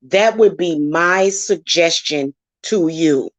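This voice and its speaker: This clip has a spiritual reader on her channel, slowly delivering a confrontational, swear-laden rant aimed at those who criticize her. Her voice leans low and there's no room sound.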